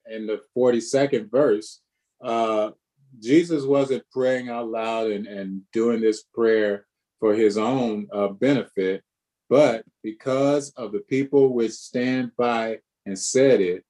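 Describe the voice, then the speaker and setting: A man's voice: fairly low pitch, mellow. A man who is a pastor, leading a conversational Bible study, asking emphatic questions and repeating words.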